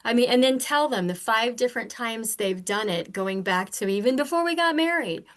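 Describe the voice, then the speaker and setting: An older woman who is a podcast guest, telling earnest personal stories in a candid, animated conversational way. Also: on the high side, moderate pace. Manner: earnest, animated, acts out remembered exchanges.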